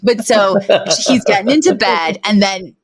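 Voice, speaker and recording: A woman co-hosting a podcast, casually retelling a sitcom episode with animated storytelling, acting out the characters' lines and laughing often. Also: mid-range voice, unhurried, a crowd in the background. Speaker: podcast co-host. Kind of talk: casual recap chat.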